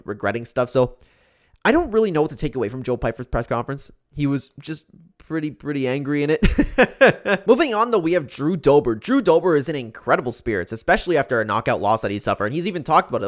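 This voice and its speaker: A man giving a casual, opinionated commentary recap as a YouTube MMA commentator, talking freely with lots of fillers. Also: medium pitch. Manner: chatty, opinionated, filler-heavy.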